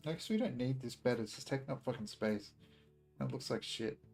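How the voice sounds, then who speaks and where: A man's voice: medium pitch, a little fast, darkish tone, faint music behind. A man streaming a game and chatting casually with his viewers, rambling and swearing freely. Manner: chatty, swears a lot, rambling asides to chat. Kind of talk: casual gameplay streaming chat.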